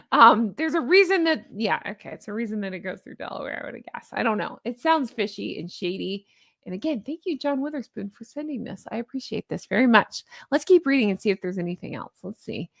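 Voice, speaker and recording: A woman's voice: a little high, vocal fry, a bit bright, no echo. Woman host rambling on a livestream, sarcastic, laughs a lot, reads chat, dry close mic. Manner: chatty, sarcastic, laughs often, reads viewer comments aloud. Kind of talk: casual commentary livestream.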